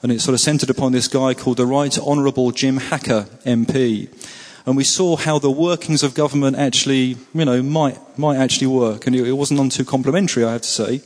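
A man preaching a sermon and praying, earnest, repeating words for emphasis and often pausing with fillers. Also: mid-range voice, steady tone, a little mellow, big-room sound. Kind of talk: sermon with prayer.

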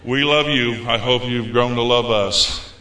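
A man preaching a folksy, animated sermon as a visiting preacher. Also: medium pitch, measured pace, very noisy. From United States. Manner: folksy, animated, acts out quoted voices. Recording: echoey room.

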